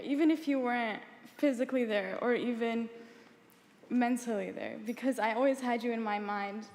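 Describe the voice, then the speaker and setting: A woman's voice: on the high side, normal speed, darkish tone. A young woman honoring her former teacher at a ceremony, emotional and laughing through tears as she speaks. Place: large auditorium. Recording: long reverb of a large hall, crowd noise.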